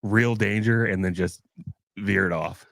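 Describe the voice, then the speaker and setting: A man's voice: fairly low pitch, steady tone, slow, gravelly, fairly bright tone, dry recording, clean studio sound. A man co-hosting a podcast in casual chat, a laid-back storyteller who acts out the people in his stories. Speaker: podcast co-host.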